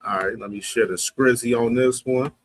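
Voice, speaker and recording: A man's voice: medium pitch, fairly even intonation, normal speed, a little hiss or hum. A man hosting a boxing livestream, talking in loose, slangy, casual commentary. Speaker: boxing stream host.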